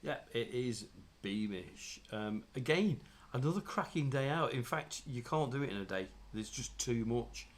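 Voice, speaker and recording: Laid-back guy running a live quiz stream, mid-pitched voice, reads the questions out and chats. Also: expressive, normal speed, hardly any pauses. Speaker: quiz host. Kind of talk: casual live-stream chat.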